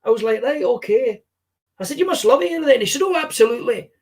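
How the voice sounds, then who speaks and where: A husky older Scottish comedian. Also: male voice, very high-pitched, animated, quick pace, pitched above the performer's own voice. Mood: storytelling. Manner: rambling, anecdotal, sweary joke-telling. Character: impression of a famous older Scottish male comedian. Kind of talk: stand-up impression, storytelling.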